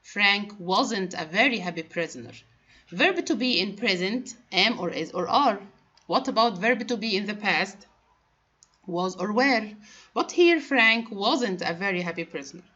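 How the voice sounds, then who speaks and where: A woman's voice: medium pitch, lively intonation, measured pace, bright, forceful tone. A woman whose first language is Arabic teaches English grammar in a patient classroom lesson, spelling out letters and rules one by one. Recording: dull lo-fi recording.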